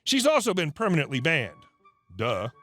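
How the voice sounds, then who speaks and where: A man reading stories aloud as a narrator, with expressive, animated delivery. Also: fairly high pitch, moderate pace. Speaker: story narrator. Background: faint background music.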